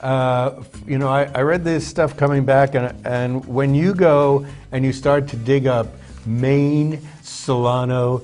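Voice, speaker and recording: A man hosting a casual talk show, rambling and joking with many halting restarts. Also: mid-range voice, steady tone, a little mellow. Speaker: show host. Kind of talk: casual chat.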